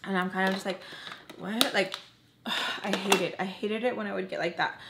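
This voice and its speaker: A woman's voice: mid-range voice, a little fast, heavy background noise. A woman telling a personal story in a casual vlog while doing her makeup, chatty and full of "like" fillers. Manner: chatty, filler-heavy with frequent "like"; animated, acts out the other people in the story. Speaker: storytime vlogger.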